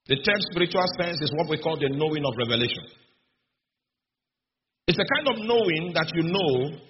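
A man delivers a teaching sermon with a slightly high voice, hammering home key phrases by repeating them and stopping often to ask whether his listeners are still with him. The sound is dull and lo-fi, with steady background noise and a long reverb from a large hall. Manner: repeatedly checks in with the audience. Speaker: preacher. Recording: dull, noisy recording in an echoey hall.

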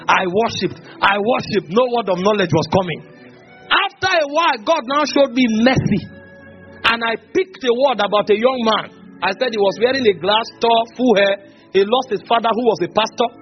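A man preaching a sermon as a pastor, telling a story and breaking into shouts and tongues. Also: very high-pitched, animated, moderate pace. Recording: dull lo-fi sermon recording with music.

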